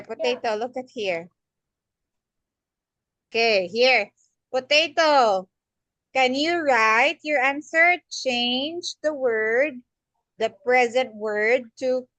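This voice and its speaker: A woman teaching English grammar to a young learner at an unhurried pace. She repeats words patiently and prompts the child to answer. Her voice sits a little high and is recorded dry and close. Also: a bit bright, no room sound. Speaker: English tutor. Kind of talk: online one-on-one grammar lesson.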